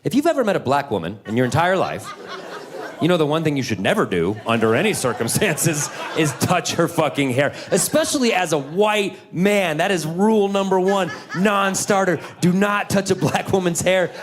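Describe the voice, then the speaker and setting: Animated man doing stand-up. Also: normal speed, slight background noise. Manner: animated, jumps into shouted high voices for characters. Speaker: stand-up comedian. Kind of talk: stand-up comedy set. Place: comedy club stage with audience laughter.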